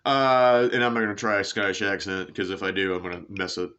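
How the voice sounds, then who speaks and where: A man hosts a sports show in a low voice with a bright, forceful edge. He rambles through tangents, full of fillers and casual swearing. The recording sounds dull and lo-fi. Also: little pitch movement, quick pace, a little hiss or hum. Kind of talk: casual sports commentary monologue.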